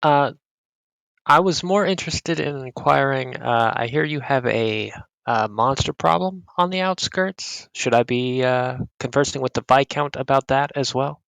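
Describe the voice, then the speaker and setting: A man's voice: mid-range voice, unhurried, vocal fry, fairly bright tone, dry recording, poor audio. A man playing a tabletop game, speaking in character politely and hesitantly with many fillers. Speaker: player.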